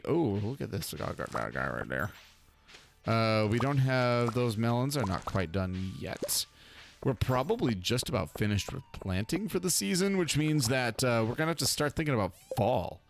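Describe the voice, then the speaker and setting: Rambling, lively-voiced male game host. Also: medium pitch. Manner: rambling, chatty, laughs often. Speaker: let's play host. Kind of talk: casual gameplay commentary.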